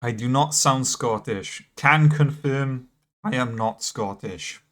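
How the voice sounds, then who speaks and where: A man's voice: mid-range voice, slow pace, fairly bright tone. A British man chatting casually with his viewers while streaming a game, laughing easily and correcting himself as he talks. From Britain. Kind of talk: casual gameplay commentary.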